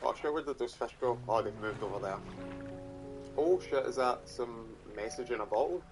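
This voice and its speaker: A man's voice: medium pitch, normal speed, over music. A Scottish man giving casual let's play commentary, muttering and swearing as he plays. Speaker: gaming streamer.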